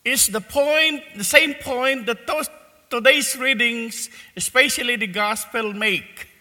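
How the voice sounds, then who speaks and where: A male preacher tells a parable to his congregation at a very slow, measured pace, in a high, strikingly bright voice. His words ring out with a long reverb from a large church. He tells the story in a deliberate way. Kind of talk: sermon with a told parable.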